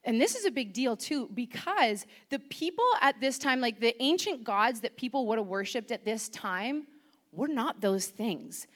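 A woman preaching a chatty, animated sermon, asking the congregation questions into a microphone. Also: a little high, moderate pace.

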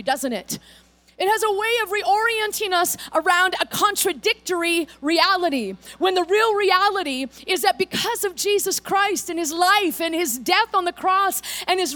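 A woman pastor preaching an energetic, emphatic sermon to her congregation. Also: extremely high pitch.

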